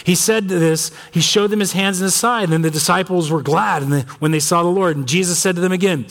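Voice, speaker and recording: A male pastor preaching a sermon with impassioned emphasis, swinging from ringing highs to low, grave lines. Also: fairly quick, few pauses. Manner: impassioned, big swings between high emphasis and low gravity.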